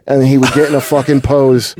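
A man telling a deadpan anecdote in casual chat. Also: medium pitch, fast, a little hiss or hum.

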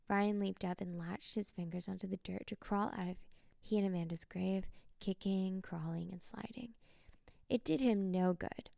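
A woman narrating a dark first-person story in a cold, menacing, profane way. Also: medium pitch, steady tone, normal speed, vocal fry, dry recording, clean studio sound.

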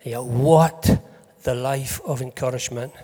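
A man preaching a sermon to a congregation in a lively, joking way, swinging between loud bursts and soft asides. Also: medium pitch, measured pace, husky. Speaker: pastor. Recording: long hall reverb.

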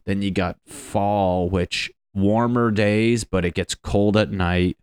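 A man's voice: on the low side, fairly even intonation, takes it slowly, clean tone, no room sound. A young man from Connecticut talking in a rambling, joking monologue full of swearing. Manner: profane, joking, meandering. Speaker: vlogger.

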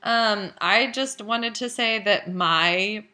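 A woman's voice: medium pitch, slow pace, sharp tone. A young woman in her twenties co-hosting a podcast in casual chat, jokey and giggly. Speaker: podcast co-host. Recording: echoey room.

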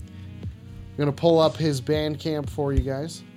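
A man hosting a casual call-in show, excitable and profane, often repeating himself. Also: on the high side, takes it slowly. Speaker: host. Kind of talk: casual call-in stream chat. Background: music.

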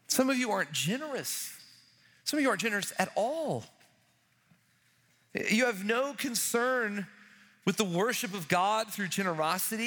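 A man's voice: high-pitched, sharp tone, big-room sound. A man preaching a sermon as a pastor, with earnest, urgent, repetitive exhortations to his church.

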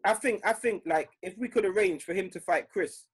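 A man's voice: high-pitched, normal speed, breathy edge. A man co-hosting a podcast, telling stories in slangy casual chat. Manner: storytelling, slangy, laughs along. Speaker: podcast co-host.

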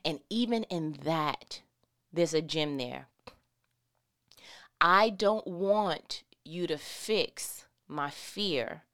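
Smooth low-voiced woman teaching scripture. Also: expressive, extremely slow, a bit bright. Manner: playful, slangy asides between scripture readings. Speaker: Bible teacher. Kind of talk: casual Bible teaching.

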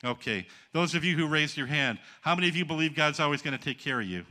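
A man from the Upper Peninsula of Michigan preaches with a piercingly bright, forceful tone. He is folksy and joking, spinning stories and coaxing the congregation to answer him. His voice sits a little high for a man. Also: lively intonation, fast. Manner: folksy, jokes with the congregation and calls for responses. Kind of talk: sermon with stories.

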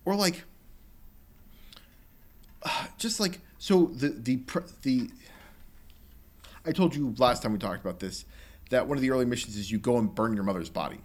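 A young man co-hosting a casual podcast, talking about a video game in an animated, rambling way with lots of filler and quick quoted bits. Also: mid-range voice. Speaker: podcast co-host.

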